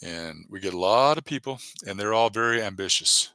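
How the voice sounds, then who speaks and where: A man with a fairly low but bright, forceful voice talks loosely through a livestream, encouraging viewers and reading their chat aloud. The sound is dry and close, with no room around it. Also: expressive, a little fast, no room sound. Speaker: YouTube livestreamer.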